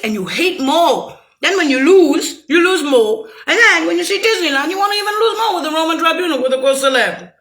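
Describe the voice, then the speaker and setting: Bitter ranting woman with a bright, high voice. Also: animated, fairly quick, few pauses. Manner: rambling, bitter, swings between shouting and muttering. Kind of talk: angry profane rant.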